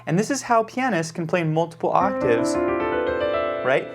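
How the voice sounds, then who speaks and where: A man's voice: on the high side, sing-song, moderate pace. A man giving a piano lesson, calling out note names and fingerings as he plays, checking in with the student. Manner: calls out note names while playing, frequent "okay?" check-ins. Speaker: piano teacher. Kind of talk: piano lesson, demonstrating at the keyboard. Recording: loud piano playing under the voice.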